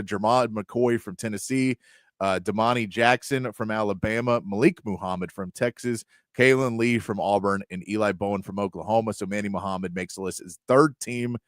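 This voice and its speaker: Sports talk host reading off names. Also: male voice, mid-range voice, dry recording, clean studio sound. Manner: reads off long lists of names, stumbling on some.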